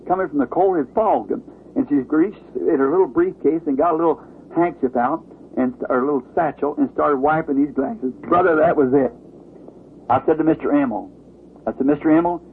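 Preacher, sermon testimony, pitch rises at the drama, old tinny recording. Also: male voice, a little hiss or hum. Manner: storytelling, rising pitch at dramatic moments.

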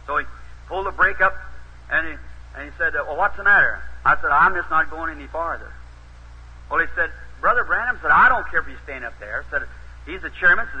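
A preacher man with a high, husky voice tells his story in a folksy, plain-spoken way, now and then building into emphatic urging. The sound is dull and muffled, like an old tape recording. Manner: folksy, rises to emphatic exhortation. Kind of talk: sermon storytelling.

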